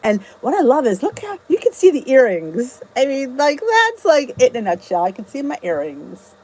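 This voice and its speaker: A woman's voice: sits high, huge pitch swings, normal speed, a little mellow, poor audio. Bubbly middle-aged woman hosting a live chat. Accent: US English. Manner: chatty, bubbly greetings, frequent laughs. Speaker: YouTube livestream host. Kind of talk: casual live chat reading comments. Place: indoors at home. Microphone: phone or camera on a stand.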